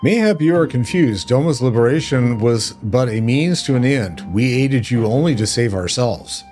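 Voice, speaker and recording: A man's voice: mid-range voice, lively intonation, moderate pace, darkish tone, faint music behind, lightly acted. A man reading as a blunt mercenary pirate captain. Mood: gruff. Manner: bold, boastful, reads game lines aloud with small stumbles.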